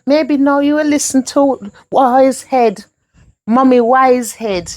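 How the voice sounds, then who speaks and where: An actress playing a protective older mother in a Jamaican film, speaking in patois with emphatic, animated delivery. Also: high voice, slow pace. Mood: rallying. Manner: emphatic, animated, scolding and comforting. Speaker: actor in a film.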